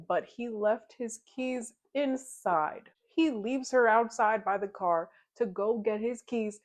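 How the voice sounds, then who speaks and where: A woman's voice: mid-range voice, a little mellow. A woman casually recapping a novel in a chatty, giggly way, slipping into the characters' lines as she retells the plot. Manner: chatty retelling, slips into quoted dialogue. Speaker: book club vlogger.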